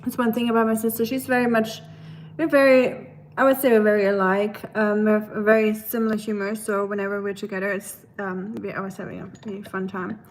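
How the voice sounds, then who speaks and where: A woman's voice: mid-range voice, little pitch movement, fairly quick, slight background noise. A young woman from Germany's Black Forest with a German accent, chatting casually with viewers on a livestream and reading their comments, with lots of fillers. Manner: chatty, switches between English and German, many fillers. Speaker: livestream host.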